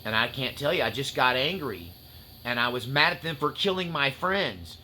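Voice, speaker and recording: A man's voice: mid-range voice, animated, normal speed, slight background noise. A man preaching on spiritual warfare, talking with passionate fervor that swings to loose joking asides. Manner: impassioned, rising to near-shouts and tearful intensity, then joking asides. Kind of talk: fiery spiritual-warfare teaching.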